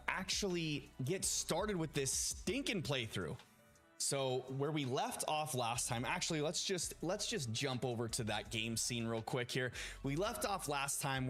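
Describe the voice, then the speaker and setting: A man's voice: mid-range voice, animated, a little slow, a bit bright. A man chatting casually to viewers during a live stream, upbeat and greeting people by name. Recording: faint music behind.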